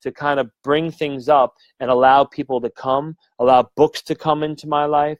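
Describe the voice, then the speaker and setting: A man gives a casual livestream talk as a medium, earnest and rambling, restarting sentences and swearing now and then. His fairly high voice keeps a level tone at normal speed. The phone or webcam audio is dull, with no echo.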